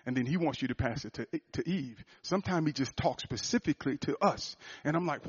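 Guy preaching, story sermon, kinda high voice, gets loud then real quiet, muffled lo-fi sound. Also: fairly quick, hardly any pauses, slightly rough. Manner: swings from loud, rising fervor to hushed, quiet confession. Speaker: pastor.

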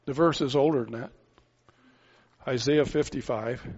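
A man's voice: medium pitch, unhurried, a little mellow, breathy edge. An older man giving an expository sermon as a pastor, earnest and thinking aloud, often repeating words as he goes. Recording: dull lo-fi recording.

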